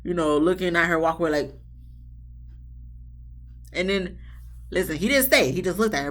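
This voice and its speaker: A woman's voice: lowish voice, fairly quick, pauses often. A woman recapping a reality TV episode in a chatty, slangy way, acting out what the people said. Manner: animated storytelling, acts out quotes from the episode. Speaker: reality TV reviewer.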